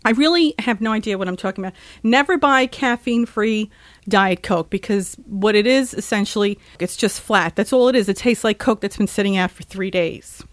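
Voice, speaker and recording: A woman's voice: mid-range voice, moderate pace, dry recording. A woman hosting a podcast, ranting in an agitated, sarcastic and profane way before chatting with a caller. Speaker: podcast host. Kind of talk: ranting monologue, call-in chat.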